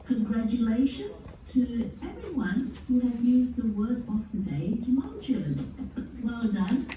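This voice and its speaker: A woman speaks on a video call, walking a club through common slips in a patient, explaining way. Her voice sits back from the mic in a boomy, echoing space. A steady hiss of noise runs under her. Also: dull audio. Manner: patient, explains slowly with examples. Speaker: grammarian at a speaking club meeting. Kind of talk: meeting feedback talk. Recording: echoey, distant, noisy call audio.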